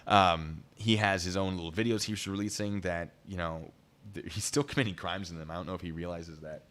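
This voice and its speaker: A man telling a story on a live stream, excitable and rambling. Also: sits low, brisk.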